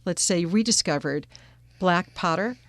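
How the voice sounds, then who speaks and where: A woman's voice: lowish voice, unhurried, dry recording. A woman from a museum staff, speaking in an upbeat, friendly way in a radio interview in a studio.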